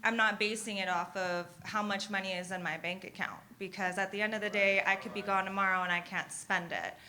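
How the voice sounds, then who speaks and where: A woman answering on a live university panel with a bright, forceful tone. She speaks earnestly, repeating her point for emphasis. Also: medium pitch, fairly even intonation, fairly quick. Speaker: panelist, mother.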